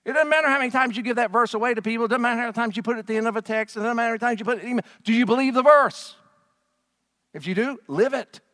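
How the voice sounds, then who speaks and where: A man preaching a sermon in a church hall before a live audience, lively and joking, with many rhetorical questions. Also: very high-pitched, racing, clean studio sound. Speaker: pastor.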